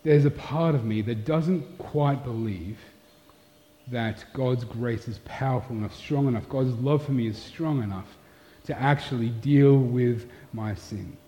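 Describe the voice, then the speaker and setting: A man's voice: medium pitch, unhurried, mellow. A pastor giving a sermon, telling a candid, self-deprecating story from his own life. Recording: long hall reverb, dull sound.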